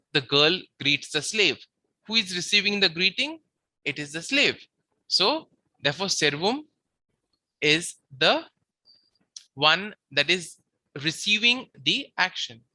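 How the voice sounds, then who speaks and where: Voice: mid-range voice, pushed and bright, dry recording. A teacher giving a patient slide-based lecture to beginners, repeating key words to stress them.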